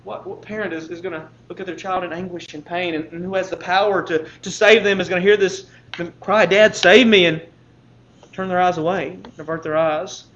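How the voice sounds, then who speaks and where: A man's voice: high-pitched, fairly even intonation, brisk, fairly bright tone, dull audio, slight background noise. A man preaching a sermon, building with repetition into fervent, impassioned appeals.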